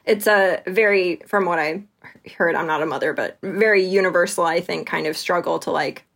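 A woman's voice: lowish voice, normal speed, vocal fry, fairly bright tone, breathy edge. A woman co-hosting a podcast, chatting casually about a book with lots of fillers and acted-out quotes. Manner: chatty, many fillers, acts out quoted lines. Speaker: podcast co-host.

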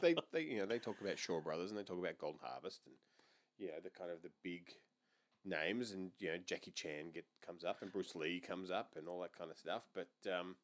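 A man's voice: sits low, fairly quick. A man co-hosting a movie podcast, rambling with lots of restarts and laughter. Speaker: podcast co-host. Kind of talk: casual movie podcast chat.

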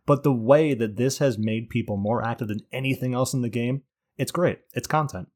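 A man talking in a relaxed gaming chat at an ordinary middle pitch. He is sarcastic and animated, and he swears freely as he rants. His delivery is lively and fast when he gets worked up.

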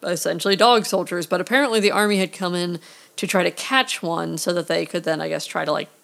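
A woman's voice: lowish voice, a little fast, gravelly, fairly bright tone. A woman co-hosting a casual movie review chat, rambling and playful, now and then doing silly voices for jokes. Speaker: podcast co-host reviewing a movie.

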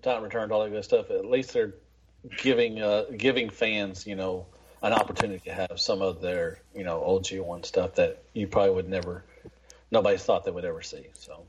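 A man's voice: deep voice, steady tone, a little fast, muffled recording, slight background noise. A man hosting a podcast in casual, rambling chat, swearing freely. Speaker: podcast host.

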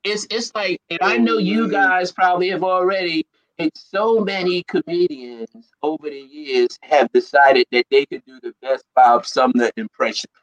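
In a relaxed conversation, a male comedian guest spins stories full of street slang, speaking at a moderate pace in a slightly high voice. His delivery is animated. Audio quality is poor.

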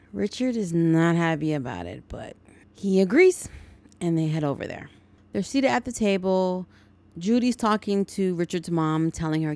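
A woman's voice: on the low side, animated, moderate pace, warm tone. Chatty woman recapping a movie. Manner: chatty, editorializing. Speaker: podcast host.

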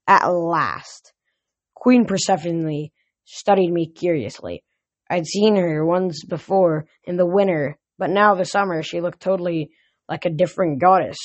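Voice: medium pitch, moderate pace, no room sound, dull audio. A reader narrating an audiobook chapter in a plain voice, with occasional slips and restarts.

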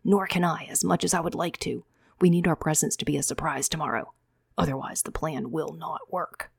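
A woman voicing a calm male mentor who speaks in a hushed, firm way in a storybook reading. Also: deep voice, brisk, gravelly, breathy edge, no room sound, clean studio sound, full character voice.

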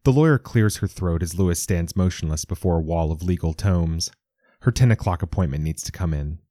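Deep, dark-toned male storyteller. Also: no room sound, clean studio sound. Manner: measured, even storytelling. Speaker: narrator. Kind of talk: scripted audiobook narration.

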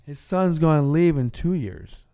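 A man's voice: on the high side, animated, unhurried, mellow, clean tone. A man hosting a casual sports podcast, explaining football plays at length. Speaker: podcast host.

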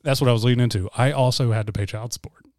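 Talking very fast with fairly even intonation, this thirtysomething podcast co-host and guest shares candid, self-deprecating stories from his life in a relaxed chat. His voice is mid-range and darkish, with no room sound, and gets gravelly whenever he whispers.

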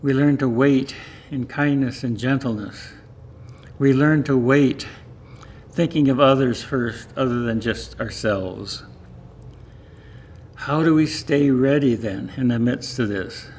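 A man preaching a calm sermon at a middle pitch, with gentle short phrases. Faint noise sits behind his voice. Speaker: pastor.

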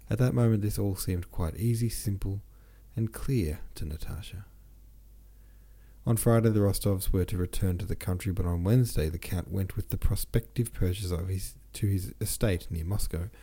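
A man narrating a classic novel as an audiobook, reading steadily and dropping low on dialogue tags. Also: mellow.

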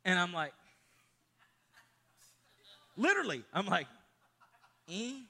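A middle-aged pastor, preaching a sermon, moving from loud emphatic lines to hushed storytelling. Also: male voice, sits high, animated, moderate pace.

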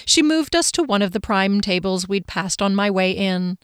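A woman narrating a first-person audiobook in a measured, expressive way. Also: medium pitch, clean tone, no room sound, clean studio sound.

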